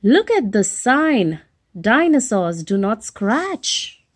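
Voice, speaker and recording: A woman's voice: fairly high pitch, big pitch swings, slow pace, breathy edge, exaggerated voice. A woman voicing a stern storybook dinosaur who bossily scolds and lays down the rules. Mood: scolding. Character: stern rule-keeping dinosaur.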